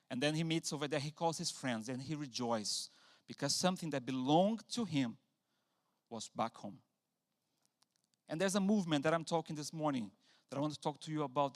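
A man preaching a sermon in a church, animated, acting out quotes with sudden loud bursts. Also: a little high, brisk. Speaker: pastor.

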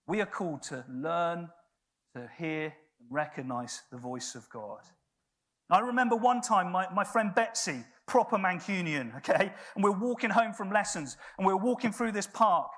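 A man's voice: sits high, a bit bright. A man preaching a sermon in a church, telling stories in a conversational way with frequent restarts.

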